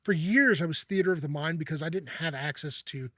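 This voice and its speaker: A man with a slightly raised voice leads a casual chat. He talks in halting bursts, repeating words and restarting sentences. The sound is dry, with no room echo. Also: on the high side, fairly bright tone. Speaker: host.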